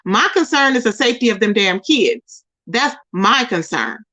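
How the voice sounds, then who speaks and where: This commentary-channel host has a medium-pitched, bright, forceful voice and is very animated at a normal speed. She rants at someone directly, scolding them and repeating their name over and over. The audio is dull and lo-fi.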